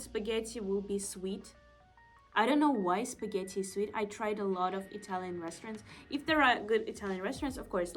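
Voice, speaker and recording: Chatty woman vlogger, emphatic. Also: medium pitch. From Estonia. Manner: chatty, emphatic, repeats her points. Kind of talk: casual chat to camera.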